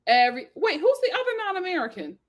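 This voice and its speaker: Host: woman, high voice, animated and exclamatory, live recap chat reading viewer comments. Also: fast talker. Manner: animated, exclamatory, laughs often. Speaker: host of a reality TV recap channel.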